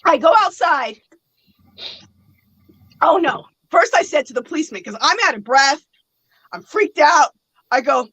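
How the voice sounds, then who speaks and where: A woman telling a story in casual chat, animated and laughing often, acting out the other people's lines. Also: sits high, moderate pace, long pauses, no echo, poor audio. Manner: animated, laughs often, acts out quoted voices.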